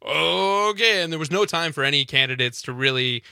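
Bright-voiced male radio co-host. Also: medium pitch, fairly even intonation, fast, clear, resonant tone, no echo, studio quality. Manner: chatty, explanatory, upbeat. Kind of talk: casual political talk radio. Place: radio studio.

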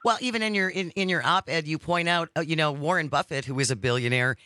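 A man's voice: fairly high pitch, fast talker, pushed and bright. A man hosting a talk radio interview, joking with sarcastic asides. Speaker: radio talk show host.

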